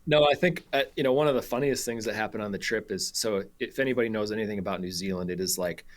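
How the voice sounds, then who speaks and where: A young man telling a travel story on a radio show, animated and laughing, with many fillers and restarts. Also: on the low side, quick pace. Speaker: guest photographer and hunter.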